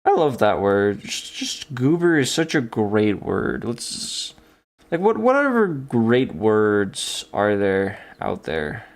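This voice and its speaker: A man talking to himself as he draws, playful and quick to giggle. His pitch bounces around a lot, though he takes his time between thoughts. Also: wildly swooping pitch. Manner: giggly, playful self-talk. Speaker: online artist. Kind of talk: casual talk while drawing.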